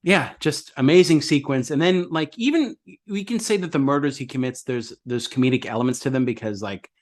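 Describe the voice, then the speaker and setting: Guy on a movie podcast, middle pitch, rambly, lots of likes and ums. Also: fairly quick. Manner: rambling, many fillers and restarts. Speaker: podcast co-host. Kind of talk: casual film discussion.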